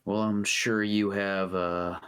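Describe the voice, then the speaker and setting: A man's voice: on the low side, flat delivery, slow, fairly bright tone, smooth. A man playing a tabletop game, speaking hesitantly and thinking aloud. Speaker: player.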